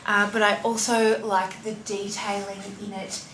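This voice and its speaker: A woman's voice: mid-range voice, flat delivery, measured pace, fairly bright tone, a little hiss or hum. Aussie mum in her 30s chatting about her life, heartfelt, lots of ums, echoey room, mic kinda far. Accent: Australian. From Australia. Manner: heartfelt, chatty, with many fillers. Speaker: fashion vlogger and mom. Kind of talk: casual confessional chat. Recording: roomy echo, distant mic, faint ambience.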